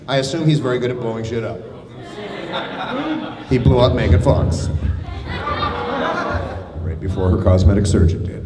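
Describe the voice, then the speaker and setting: A man's voice: mid-range voice, moderate pace, long pauses. A man answering audience questions on a convention panel, riffing playfully and breaking into silly voices. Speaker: voice actor guest at a convention panel. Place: large convention hall with a live audience. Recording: echoey convention hall with a long reverb and a crowd.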